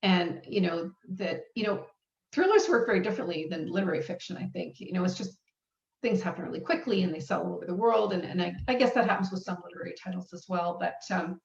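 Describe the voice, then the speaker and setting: Heard from far off with a dull, roomy sound, a middle-aged author guest at a live event hall recounts her story in a casual, self-deprecating ramble full of restarts. She has a lowish, gravelly voice.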